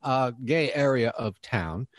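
A man's voice: mid-range voice, animated, takes it slowly, no room sound, studio quality. A man as a guest on a talk show, explaining things casually over a video call.

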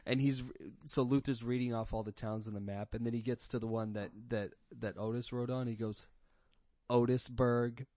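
A man's voice: medium pitch, fairly even intonation, moderate pace, dark tone, dry recording. A man in casual chat, eagerly recapping a favorite film. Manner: enthusiastic storyteller, recapping a film.

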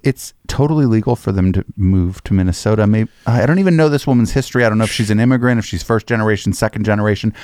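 A man hosting a casual panel podcast, rambling and joking with quick asides. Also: lowish voice, a little mellow, clean tone, no room sound, clean studio sound. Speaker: podcast host.

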